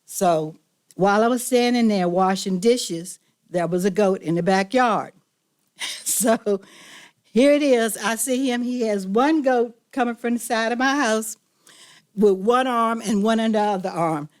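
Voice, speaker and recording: A woman's voice: on the high side, measured pace. A woman telling the board a story about her neighbor during public comment. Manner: storytelling, recounting a dispute. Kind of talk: public comment at a county meeting.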